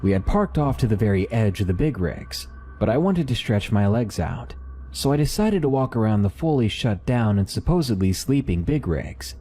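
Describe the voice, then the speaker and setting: A man giving scripted narration of submitted horror stories, with lively, dramatic storytelling. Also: fairly low pitch, normal speed.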